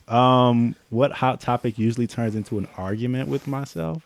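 A man's voice: mid-range voice, expressive, moderate pace, vocal fry, few pauses. A man hosting a casual group chat, laid-back and slangy, laughing often.

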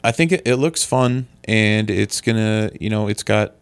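A man's voice: fairly low pitch, moderate pace, smooth, no echo. A man co-hosting a casual movie podcast, chatting upbeat and rambling, often losing track of names.

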